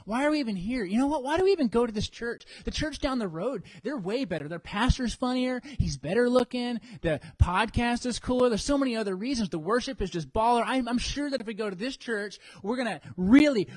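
A man preaching a sermon in an animated way, acting out what people think in church. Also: very high voice, no echo. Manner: animated, acts out congregants' inner voices. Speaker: pastor.

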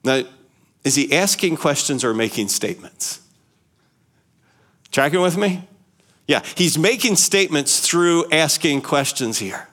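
A male pastor preaching a sermon in an animated way, asking rhetorical questions and repeating key phrases. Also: a little high, measured pace, pauses often.

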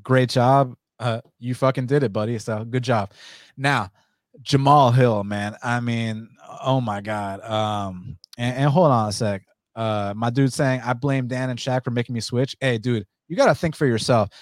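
A man hosting a casual podcast about fight betting, talking in an animated, rambling way with lots of swearing and fillers. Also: mid-range voice, a little slow, dry recording. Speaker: podcast host.

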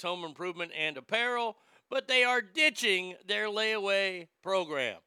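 A man's voice: high voice, pushed and bright, clear, resonant tone, dry recording. A middle-aged man hosting a casual talk show, telling stories in a wisecracking, profane way. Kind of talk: casual talk radio banter.

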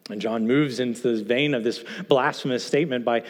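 A man giving a sermon in a conversational way, asking his congregation questions and slowing down to stress key points. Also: medium pitch. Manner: conversational, asks the congregation, slows for emphasis. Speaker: pastor. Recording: reverberant hall.

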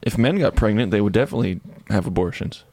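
A man co-hosting a comedy podcast, with crude, profane, deadpan jokes. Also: on the low side, fast, gravelly, very noisy. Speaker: podcast co-host.

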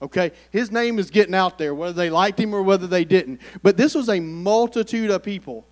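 High-voiced preacher. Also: male voice, animated, fairly quick. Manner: conversational, calls on the congregation to respond. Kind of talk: sermon.

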